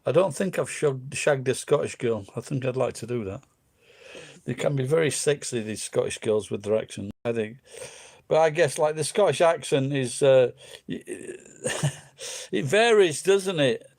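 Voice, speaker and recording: A man's voice: medium pitch, lively intonation, measured pace, gravelly, darkish tone. A middle-aged man rambling casually, swearing freely and drifting between thoughts. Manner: crude, swears freely, meandering. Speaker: vlogger.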